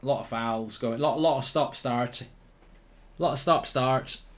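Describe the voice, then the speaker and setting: A man's voice: medium pitch, unhurried. A man hosting a live football watchalong, chatting casually, reading viewer comments aloud and often repeating himself.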